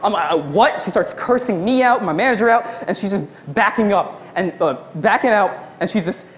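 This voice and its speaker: A man's voice: high voice, a little fast, a little hiss or hum. A young man performing a stand-up comedy routine, telling a long workplace story and acting out the people in it. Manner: storytelling, acts out quotes in his own voice.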